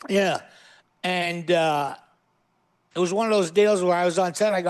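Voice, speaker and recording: A middle-aged man tells animated, salty stories as a guest on a studio podcast. His voice sits high for a man, and the room around it is close and dry with no echo. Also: moderate pace, smooth. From Boston. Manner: animated anecdotes, acts out quoted voices, swears freely. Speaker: guest comedian. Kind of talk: casual chat with storytelling. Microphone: studio podcast mic.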